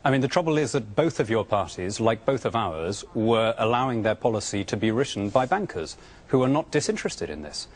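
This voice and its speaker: A man's voice: fairly low pitch, sing-song, brisk. A British man as a politician guest on a TV interview, arguing his views earnestly and often stammering through restarts. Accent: British English. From Britain. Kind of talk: remote TV interview answers.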